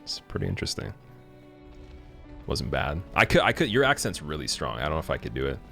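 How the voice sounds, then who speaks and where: A man's voice: extremely low pitch, huge pitch swings, fairly quick, creaky, pushed and bright, faint music behind. A man from Canada chatting casually with viewers while streaming a game, rambling with plenty of fillers. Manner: rambling, many fillers and restarts. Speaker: livestreamer.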